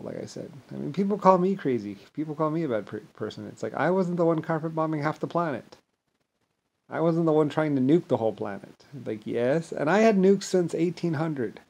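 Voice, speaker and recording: A vlogger with a creaky voice rambles through a grandiose monologue, mostly mumbling low before erupting into sudden loud bursts. He mocks other people by mimicking them in blah-blah voices.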